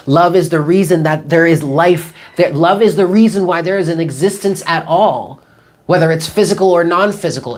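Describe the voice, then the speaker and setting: Low-voiced chatty woman in her thirties. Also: a little mellow. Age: 30s. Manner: rambling, chatty, swears casually, reads out chat comments. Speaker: tarot reader. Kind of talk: casual live-stream chat.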